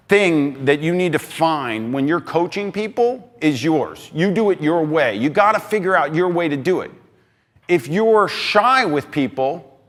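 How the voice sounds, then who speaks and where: A man giving an energetic talk on stage, emphatic and excitable, swinging between loud bursts and quieter asides. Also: fairly high pitch. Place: large hall on stage. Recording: reverberant hall.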